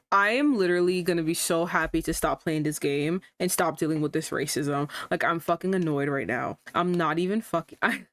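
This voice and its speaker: A woman streamer commenting casually on a game, talking fast and swearing in exasperated rants. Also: low-pitched, a bit bright.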